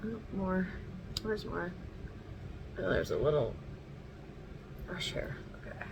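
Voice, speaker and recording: A woman's voice: lowish voice, very animated, takes it slowly, vocal fry, noisy background. A woman chatting casually through a makeup tutorial at home, rambling and swearing now and then. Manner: talks sweetly to her dog. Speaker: makeup vlogger.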